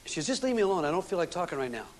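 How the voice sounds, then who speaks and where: A man's voice: a little high, sing-song, very fast. A man giving a seminar talk on relationships to a live audience, telling stories and acting out the dialogue in them. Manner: storytelling, acts out quoted dialogue. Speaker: relationship speaker. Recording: long reverb from a hall, faint noise.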